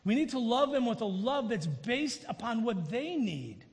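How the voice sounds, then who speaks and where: A man's voice: extremely high pitch, sing-song, moderate pace, gravelly, long reverb tail. A man preaching a sermon, earnest and explanatory, often repeating words as he restarts a phrase.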